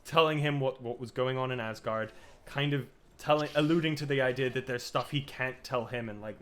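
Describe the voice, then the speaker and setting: On a casual game podcast, a male co-host with a mid-range voice speaks at normal speed. He tells the story with energy, swearing freely and acting out the scenes.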